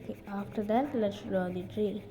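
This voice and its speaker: A woman's voice: mid-range voice, normal speed, a crowd in the background, poor audio. A woman giving a step-by-step drawing tutorial in simple, repeated instructions.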